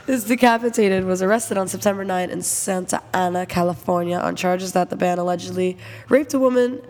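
A woman co-hosting a crude casual chat, reading news aloud haltingly with fillers. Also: lowish voice, a little mellow, big-room sound. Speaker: podcast co-host.

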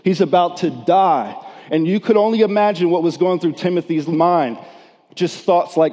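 A man's voice: high voice, normal speed, warm tone. A man preaching a sermon with emphasis, acting out the voices of the people in his story in casual, slangy talk. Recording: long hall reverb.

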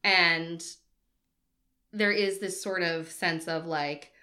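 Bright-voiced woman cohost, chatty, laughs a lot. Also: on the low side, steady tone, slow pace. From Boston area, US. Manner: chatty, laughs often, mimics quotes. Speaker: podcast co-host telling the story. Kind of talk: casual podcast chat.

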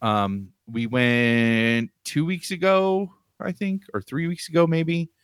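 A man in casual chat, telling an animated, rambling story from his home on a video call. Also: on the high side, slow, clean tone, no room sound, clean studio sound. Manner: animated, rambling, laughs while telling stories. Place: home room with pinball machines.

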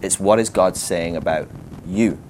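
A lower-pitched man preaching in a relaxed, conversational way, thinking out loud with lots of fillers and quick laughs. The delivery is animated and chatty rather than formal. A faint hum of noise sits behind him. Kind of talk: sermon teaching.

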